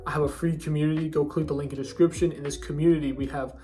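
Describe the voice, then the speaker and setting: A man's voice: on the high side, little pitch movement, rapid-fire, warm tone. A young man giving casual self-improvement advice in a bro-ish, slangy way, often restarting his sentences. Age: young adult.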